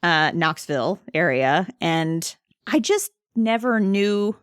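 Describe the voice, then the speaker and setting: A woman's voice: fairly low pitch, animated, takes it slowly, clean tone, no room sound, clean studio sound. A woman co-hosting a podcast, telling stories in casual chat and laughing through her words. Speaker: podcast co-host.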